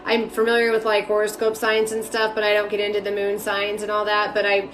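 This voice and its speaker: A spiritual reader and mentor gives casual live-stream readings from a home room, chatting, greeting viewers by name and using lots of fillers. Her mid-range, fairly bright voice is fairly quick but completely flat in delivery, and the room sounds reverberant.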